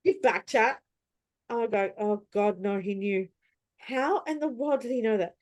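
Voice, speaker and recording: A woman's voice: medium pitch, moderate pace, warm tone, no room sound. A woman telling stories in casual chat, acting out her own reactions with animation. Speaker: host.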